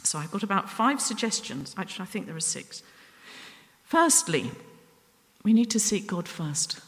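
A woman's voice: mid-range voice, big pitch swings. Woman preaching in a reverberant hall. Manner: earnest, self-deprecating, pauses and restarts. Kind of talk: sermon.

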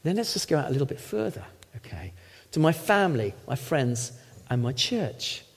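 A middle-aged man, a former lawyer, preaching a sermon with emphatic, animated teaching and frequent check-ins with the congregation. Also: fairly high pitch, normal speed, slightly rough. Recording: long hall reverb.

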